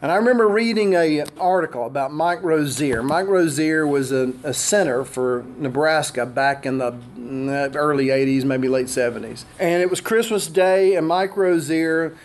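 A man's voice: a little high, moderate pace, hardly any pauses. A middle-aged man preaching a sermon in a conversational way, with asides and self-deprecating humor. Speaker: pastor.

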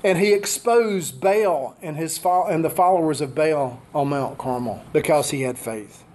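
An older male pastor delivers a sermon in a notably high voice. He builds his points through strings of repeated rhetorical questions, preaching straight to the congregation. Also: a little slow, darkish tone.

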